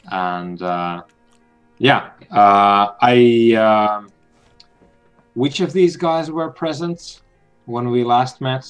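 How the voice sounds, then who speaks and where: Slow, hesitant male player. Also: mid-range voice, clear, resonant tone, soft background music, poor audio. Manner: hesitant, many fillers. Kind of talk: casual tabletop game play.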